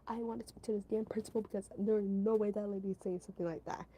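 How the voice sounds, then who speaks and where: Brief: woman playing a blunt, furious mother, demanding and cursing, with a warm tone. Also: mid-range voice, fairly even intonation, racing, a little hiss or hum, close to an everyday voice. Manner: demanding, sharp-tongued.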